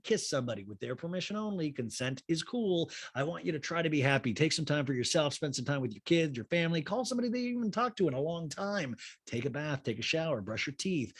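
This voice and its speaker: Animated, campy male podcast host. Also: fairly high pitch, no room sound, clean studio sound. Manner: animated, campy impressions of the people he recaps. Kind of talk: comedic recap monologue.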